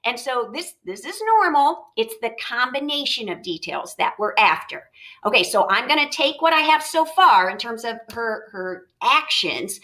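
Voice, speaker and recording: Bright-voiced woman teaching a lesson. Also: on the high side. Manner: explanatory, thinks aloud with questions. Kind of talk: recorded classroom lesson.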